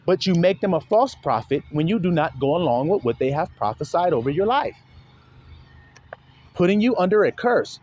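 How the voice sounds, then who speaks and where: A man's voice: fairly high pitch, sing-song, normal speed, darkish tone, highs cut off. A man preaching in a casual, blunt monologue, emphatic and profane, often mimicking other people's voices.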